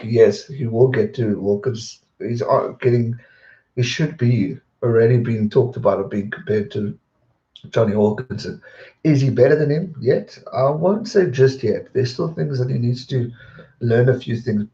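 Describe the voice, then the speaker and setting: A man hosting a livestream, casually chatting and answering viewers' questions with a rambling, relaxed manner. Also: mid-range voice, reverberant, lo-fi sound. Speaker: livestream host.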